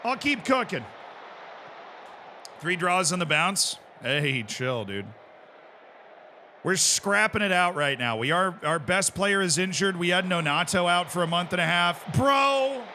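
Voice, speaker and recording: A man streaming a football management game, chatting casually and reacting loudly to the play. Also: high-pitched, animated, unhurried, slight background noise. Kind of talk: casual gameplay commentary.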